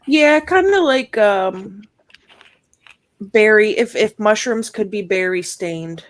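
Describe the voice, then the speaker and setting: A woman playing a tabletop game talks her turn through slowly. She hesitates often and thinks aloud as she decides what to do. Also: medium pitch, expressive, no echo. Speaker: player. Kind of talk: casual tabletop game play.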